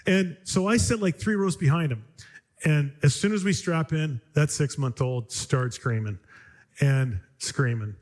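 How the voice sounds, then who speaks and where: A man in his fifties, a pastor telling a story in a conversational, animated sermon with many restarts. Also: a little high, measured pace.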